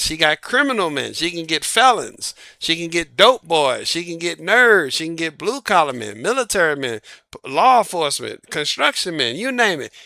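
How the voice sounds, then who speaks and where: Folksy high-voiced man with gravel. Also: sharp tone, no room sound, studio quality. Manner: folksy, emphatic, laughs at own jokes. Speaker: dating advice host. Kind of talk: casual monologue.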